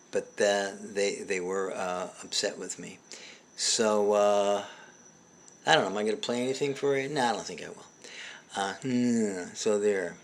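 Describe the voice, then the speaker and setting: A middle-aged man hosting a comedy show, telling a rambling deadpan monologue full of fillers and restarts. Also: fairly low pitch, a little hiss or hum.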